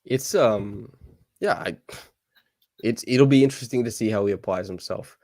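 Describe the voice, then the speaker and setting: A man's voice: fairly low pitch, darkish tone, no echo. A man hosting a live podcast, giving an eager, detailed basketball breakdown full of casual fillers. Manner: fast, enthusiastic breakdown with fillers. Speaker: podcast host. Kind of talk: casual basketball analysis chat.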